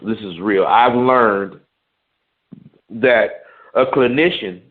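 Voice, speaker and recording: Slow, lively man on tinny audio. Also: fairly low pitch. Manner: emphatic, frank, swears. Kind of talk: advice monologue.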